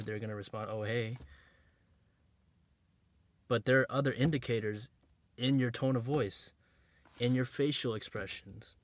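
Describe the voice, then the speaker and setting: A man talks straight to his viewers with blunt, streetwise advice, hammering each point home through repetition. His voice sits at an ordinary middle pitch, and he comes across as direct and sure of himself. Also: steady tone, moderate pace, long pauses. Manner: slangy, streetwise phrasing. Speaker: dating advice creator. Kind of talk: casual advice monologue to camera.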